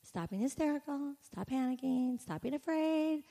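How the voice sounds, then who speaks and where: Woman playing gentle patient God, soft, hushed, long hall echo. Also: sits high, animated, moderate pace, creaky, pitched above the performer's own voice. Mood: soothing. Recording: echoey hall reverb.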